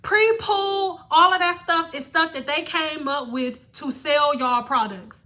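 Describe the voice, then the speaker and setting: A woman's voice: high voice, a little slow, bright, forceful tone. A young woman hair stylist ranting on a live stream, blunt, sarcastic and profane. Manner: mocking impressions of viewers.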